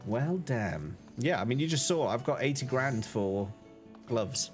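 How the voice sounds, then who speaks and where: A man's voice: mid-range voice, expressive, soft background music. Chatty British man streaming a game. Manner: chatty, rambling, quick asides. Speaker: gaming streamer. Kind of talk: casual gameplay commentary.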